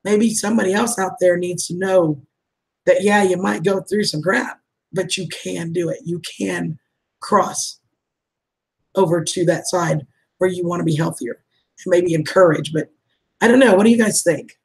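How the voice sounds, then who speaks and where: A woman's voice: on the low side, moderate pace, creaky, slightly rough, rough recording. A woman, chatting casually on a livestream, reading out viewer comments and laughing often. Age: 50s. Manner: warm and affectionate with viewers, laughs often, calls them honey and sweetheart. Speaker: livestream vlogger.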